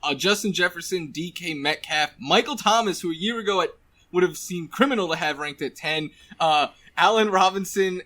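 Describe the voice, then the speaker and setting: Bright-voiced friendly male sports analyst. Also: sits high, normal speed. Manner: friendly, eager, listing names steadily. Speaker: guest analyst. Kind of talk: casual sports chat.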